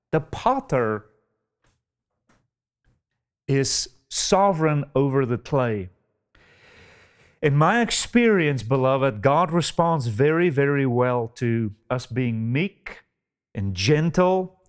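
In a mid-range, sing-song voice, a male preacher takes his sermon at a slow, dramatic pace, speaking to his beloved listeners through a steady stream of rhetorical questions.

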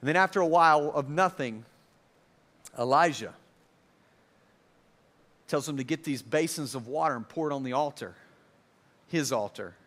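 A man with a high voice preaches a sermon. He is an earnest pastor who repeats his phrases and builds emphasis. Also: moderate pace, long pauses, a bit bright. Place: church service before a congregation.

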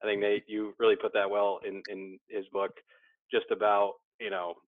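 A man's voice: lowish voice, monotone, normal speed, no echo. A man sharing his story candidly in a recovery support meeting, often restarting his sentences. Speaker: support group member. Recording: dry tinny phone-like sound.

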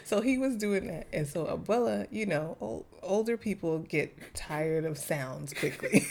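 Chatty woman, lively voice, quick laughs. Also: on the low side, gravelly, a crowd in the background. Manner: laughs often, relaxed and chatty. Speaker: podcast co-host. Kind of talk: casual chat.

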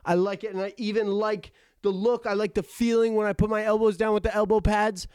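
A man's voice: high voice, level tone, brisk, a little mellow, smooth, no room sound, clean studio sound. Stammering young man hosting a podcast. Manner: self-deprecating, stammering, jokey asides. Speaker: podcast host. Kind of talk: rambling comedic podcast monologue. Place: attic.

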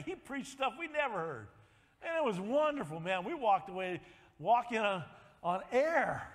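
A man in his sixties preaching a sermon, telling a story with animated swings and rising to shouts of praise. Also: very high-pitched. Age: 60s. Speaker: pastor. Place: church sanctuary. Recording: long hall reverb.

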